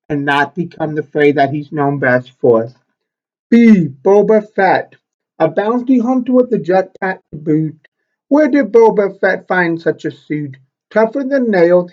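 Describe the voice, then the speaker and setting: Male teacher, picture-book read-aloud for kids, unhurried, expressive, muffled lo-fi recording. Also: high-pitched. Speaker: elementary school teacher.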